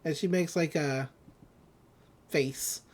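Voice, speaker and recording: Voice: medium pitch, fairly even intonation, takes it slowly, darkish tone. A podcast host casually recapping a cartoon episode, amused and rambling, slipping into quoted voices.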